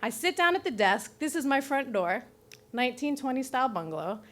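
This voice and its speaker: High-voiced woman telling a profane stage story. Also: a little fast. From Brooklyn, New York. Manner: profane, self-mocking, animated. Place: live story slam stage.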